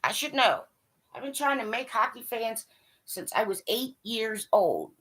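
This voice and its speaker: A woman's voice: a little high, big pitch swings, measured pace, fairly bright tone, slightly rough. A woman hockey fan giving a blunt, profane, scolding rant straight to camera. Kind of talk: ranting monologue to camera.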